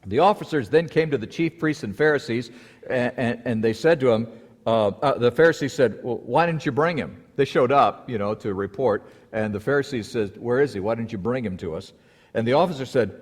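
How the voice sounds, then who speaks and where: Male preacher, mid-pitched, animated storyteller, echoey hall sound. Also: moderate pace. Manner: lively storytelling, acting out quoted voices. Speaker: pastor. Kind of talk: sermon. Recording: long hall reverb.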